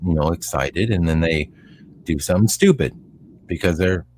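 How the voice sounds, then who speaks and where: A middle-aged man co-hosting a casual podcast chat, talking in a rambling, animated way with lots of fillers. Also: low-pitched, normal speed, slight background noise. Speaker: podcast co-host.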